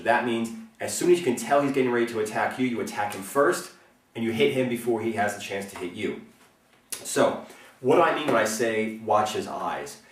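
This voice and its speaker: A man explaining self-defense as an instructor, speaking earnestly and often checking in with a quick "okay?". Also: mid-range voice, recorded from a distance. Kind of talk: instructional talk. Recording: roomy, mic set back from speaker.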